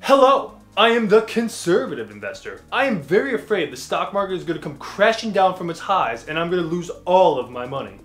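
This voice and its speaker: A man putting on a jittery, high-pitched cautious investor. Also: sing-song, a little fast, few pauses, fairly bright tone, roomy sound. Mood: anxious. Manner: fretful, high-strung. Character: nervous cautious male investor with a weird accent. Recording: faint background music.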